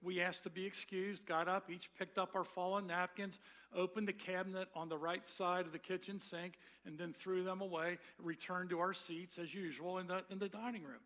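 A man's voice: high-pitched, a bit bright. A middle-aged man preaching a sermon, telling stories earnestly and acting out the people in them. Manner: earnest storytelling with dramatic quoted voices.

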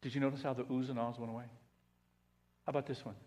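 A male pastor preaching a sermon, swinging between loud emphatic passages and hushed ones. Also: medium pitch, level tone, quick pace. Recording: long reverb of a large hall.

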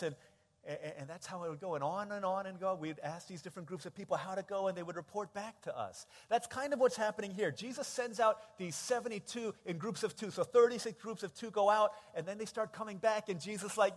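A male pastor preaching in a church sanctuary, with a fairly high voice. He tells stories with animated energy, acting out the people in them and dropping from loud to hushed. The sound carries the long reverb of a big hall. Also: a little fast. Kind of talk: sermon.

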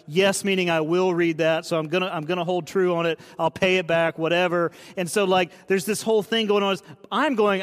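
Male pastor, late 30s, chatty storytelling sermon, voice a touch high, hall reverb. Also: steady tone, moderate pace. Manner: conversational storytelling, asks the audience questions.

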